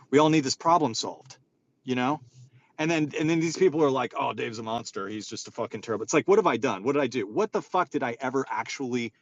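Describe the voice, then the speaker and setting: A man's voice: mid-range voice, fairly bright tone, muffled recording. A man hosting a live audio chat, talking in a rambling, profane and exasperated way. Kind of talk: casual chat.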